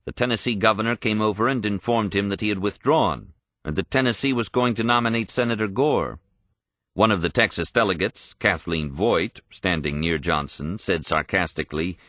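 A man reading a history audiobook in a measured, even storytelling manner. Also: lowish voice, no room sound. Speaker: narrator. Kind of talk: scripted audiobook narration.

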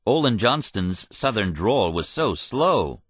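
Measured male narrator for nonfiction audiobook, low voice, dry close sound. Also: sing-song, fairly bright tone, husky, no room sound. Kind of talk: scripted narration.

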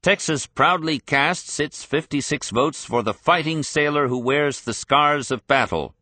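Man doing an exultant shouting politician, raised high voice, dry close sound. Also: unhurried, no room sound. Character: older male politician shouting on a convention floor.

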